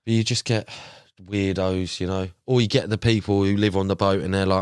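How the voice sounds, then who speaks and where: Young man, low voice, dry close sound, animated storyteller, slangy guest. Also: brisk, clean tone, no echo. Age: young adult. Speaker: podcast guest, carp angler. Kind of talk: casual chat.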